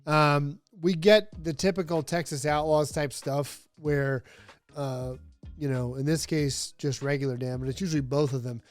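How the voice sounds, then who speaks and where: A man's voice: fairly high pitch, fairly even intonation, moderate pace, dry recording. A man hosting a comedic wrestling review, talking casually and sarcastically with lots of fillers. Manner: rambling, sarcastic, many fillers, laughs often. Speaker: host.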